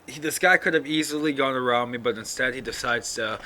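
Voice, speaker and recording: A sleepy man rambles through his own podcast in a loose solo monologue, swearing freely and yawning between thoughts. His voice is bright and forceful at an ordinary pitch. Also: moderate pace. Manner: rambling, yawning, profane, full of fillers. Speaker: podcast host.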